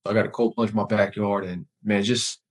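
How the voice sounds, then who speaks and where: Guest: veteran man, low flat voice, thoughtful and halting, candid interview talk. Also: rough recording. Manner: reflective, measured, with many fillers and restarts. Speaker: podcast guest, Marine veteran.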